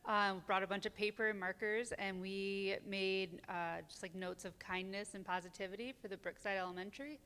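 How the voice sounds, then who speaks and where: A woman organizer of a neighborhood group, speaking hesitantly with many pauses as a guest at a church service. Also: mid-range voice, steady tone, a bit bright, clear, resonant tone. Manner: hesitant, many ums, nervous laughs. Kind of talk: casual on-stage interview. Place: church sanctuary. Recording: long hall reverb.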